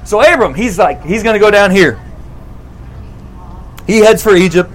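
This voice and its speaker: A man preaching a sermon as a pastor, conversational and animated, repeating phrases for emphasis. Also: high voice, moderate pace, poor audio.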